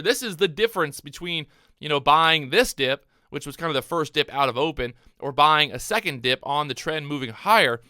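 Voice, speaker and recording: A man giving live day-trading commentary to his viewers, excitable and out of breath, repeating his phrases as he watches the charts. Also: a little high, no room sound, studio quality. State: out of breath, hyped up. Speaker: day trader streaming his trades.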